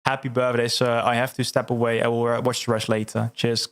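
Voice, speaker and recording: A man hosting a livestream, chatting casually and reading out viewer comments, excitable, laughing often and repeating words. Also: mid-range voice, a little fast, hardly any pauses, clear, resonant tone. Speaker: livestream host.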